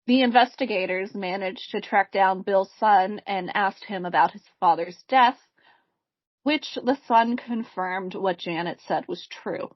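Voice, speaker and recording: A woman co-hosting a podcast, telling a haunting case in a measured casual way among friends. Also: medium pitch, no echo. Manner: reads the story in a measured way, breaks into laughter. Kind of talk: casual storytelling chat. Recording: dull, slightly lo-fi podcast mic.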